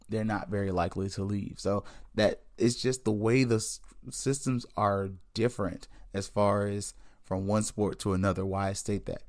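A man's voice: lowish voice, no echo, studio quality. A man hosting a sports podcast, chatting casually and candidly with listeners and cracking jokes. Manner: joking, candid, talks straight to listeners. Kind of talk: casual sports commentary chat.

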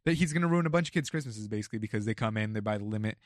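Young man, rapid retail war story, animated with quotes, dry close sound. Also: fairly low pitch, no room sound. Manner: animated, acts out quotes, swears freely. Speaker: retail store employee telling a work story. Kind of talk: casual storytelling chat.

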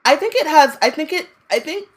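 A woman's voice: sits high, expressive, brisk. A woman chatting casually about a book, blunt and free with swearing. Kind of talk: casual chat.

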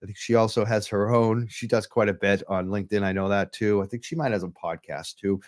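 A man's voice: on the low side, steady tone, brisk. Impassioned man hosting a livestream. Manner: impassioned, urgent advocacy. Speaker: livestream show host. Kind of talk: live-streamed talk show. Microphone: computer mic while on webcam.

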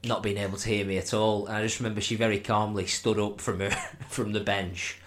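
Laid-back lad, low voice. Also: male voice, little pitch movement, fairly quick, a bit bright. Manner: laughing anecdotes, says "were" for "was". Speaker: podcast co-host. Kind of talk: casual chat.

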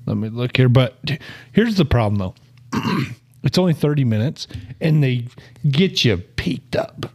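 A man chats casually with friends on a podcast, joking and clearing his throat. His voice is going hoarse, and his pitch swings in a lively way. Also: normal speed. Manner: animated, jokey, throat-clearing. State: losing his voice. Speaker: podcast co-host. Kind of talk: casual chat.

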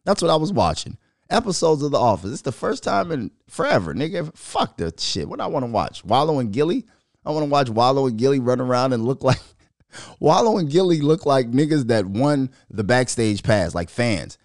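A man hosting a podcast, ranting in a profane, animated, mocking way and laughing between remarks. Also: medium pitch, normal speed, no echo, clean studio sound. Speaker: podcast host. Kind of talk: casual commentary rant.

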